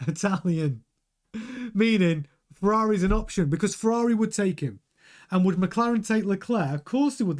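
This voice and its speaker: A middle-aged man hosting a live stream, talking casually and animatedly and often restarting his sentences while he reads the chat. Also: high voice. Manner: chatty, animated, repeats words and restarts. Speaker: show host reading live chat.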